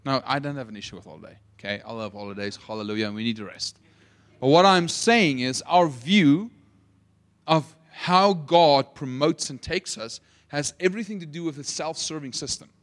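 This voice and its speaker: A man preaching a sermon, asking the audience questions and retelling scripture as lively stories. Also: mid-range voice, normal speed. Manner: asks the audience rhetorical questions; animated storytelling with acted-out quotes. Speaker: pastor.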